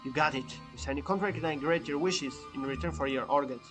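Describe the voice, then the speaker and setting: A man's voice: a little high, fast talker, music in the background, lightly acted. A man reading a text game aloud, voicing a pushy male fairy who offers deals in a matter-of-fact, persuasive way.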